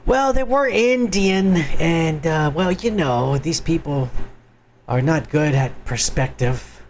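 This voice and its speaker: Speaking slowly in a fairly high voice over background noise, this man hosts a livestream and reacts to clips. His commentary is crude, loud and mocking, full of profanity, and addressed straight to the people watching.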